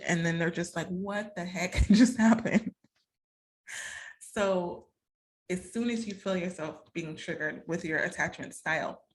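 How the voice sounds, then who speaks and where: A woman's voice: lowish voice, a bit bright. A woman hosting a podcast, giving relationship advice in a candid, conversational way and acting out the lines she quotes. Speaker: podcast host and relationship coach. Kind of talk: casual advice talk.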